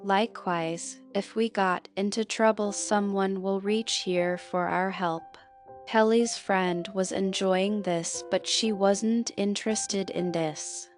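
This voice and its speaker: With a steady tone and a mid-height pitch, a woman reads a scripted film recap slowly and deliberately, lingering over plot events and quotes. Gentle music plays softly beneath her.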